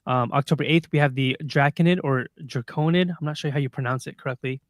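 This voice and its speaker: A man's voice: mid-range voice, steady tone, fast talker, no room sound, clean studio sound. A man co-hosting a casual livestream podcast, laughing often and running down a list of upcoming sky events. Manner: laughs often, reads through a list of dates. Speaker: podcast co-host.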